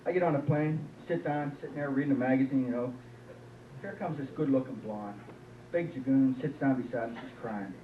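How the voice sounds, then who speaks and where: Folksy stand-up comic in an echoey club. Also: male voice, medium pitch, brisk, recorded from a distance, noisy background. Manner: joke-telling, folksy, lots of "uh" and "he says". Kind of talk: stand-up comedy set. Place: small club, live audience. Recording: echoey lo-fi club tape from afar.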